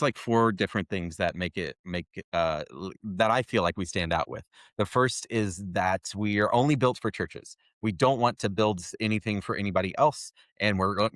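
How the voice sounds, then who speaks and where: Low-voiced man, halting and casual. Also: a bit bright, dry recording, clean studio sound. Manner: halting, with many fillers and restarts. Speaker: software company guest. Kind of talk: casual interview answers.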